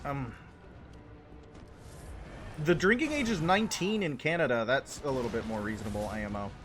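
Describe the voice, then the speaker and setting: A man's voice: mid-range voice, animated, moderate pace, fairly bright tone. A young man chatting casually with his live chat while playing a game, joking and answering questions between moments of play.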